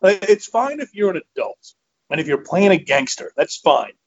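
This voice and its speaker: Blunt, halting male co-host, dull recording. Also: high-pitched, big pitch swings, gravelly, breathy edge. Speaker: podcast co-host. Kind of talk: casual podcast chat. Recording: dull lo-fi sound.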